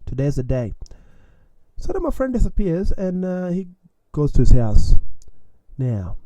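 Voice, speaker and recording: Young man for a casual storytime, very dark warm tone, dry close sound, animated with chuckles. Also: high voice, a little slow, no room sound.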